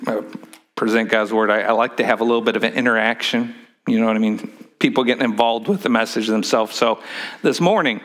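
Male pastor preaching in a church. He has an easygoing, joking delivery, leads call-and-response, stumbles and repeats words, and sits in the middle pitch range. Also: fairly bright tone. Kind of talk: sermon. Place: church sanctuary with a congregation.

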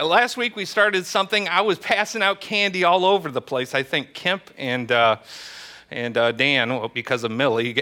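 A man preaching to a small church gathering, chatty and joking and quick to laugh. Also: mid-range voice, sharp tone. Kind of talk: casual joke-telling and church teaching.

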